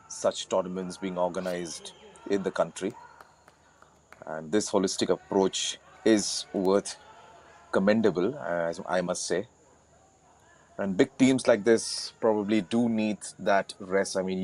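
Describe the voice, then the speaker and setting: A man serving as co-commentator on a live football match, his voice sitting on the low side. He speaks earnestly, sometimes halting mid-phrase.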